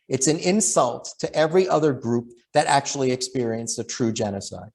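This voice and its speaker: A man's voice: medium pitch, fairly quick, gravelly, few pauses, darkish tone. Emphatic middle-aged man lecturing. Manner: emphatic, rhetorical questions, repeats key phrases. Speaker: writer and law professor giving a talk. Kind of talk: impassioned lecture.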